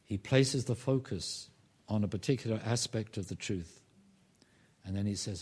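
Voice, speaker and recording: A man preaching a sermon as pastor, emphatic, rising loud on key phrases and dropping low to make a point. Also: normal speed, husky.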